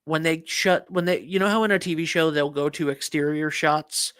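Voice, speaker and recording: Male morning co-host, rambling talker, a touch high-pitched, dry close sound. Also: moderate pace, a bit bright, clean tone, dry recording. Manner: rambling storyteller, many restarts and fillers. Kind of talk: casual morning show chat.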